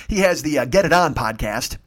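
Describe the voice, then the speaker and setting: Fast-talking ranting man. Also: fairly high pitch, expressive, fairly bright tone. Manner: ranting, rambling, heavy swearing. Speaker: podcast host. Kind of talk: profane comedic monologue.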